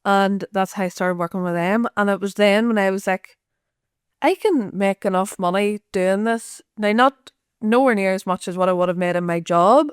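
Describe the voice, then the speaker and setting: A woman's voice: medium pitch, brisk, clear, resonant tone, no room sound, studio quality. A woman, a podcast guest chatting candidly, swearing freely and laughing often. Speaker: podcast guest, social media creator. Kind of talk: candid casual chat.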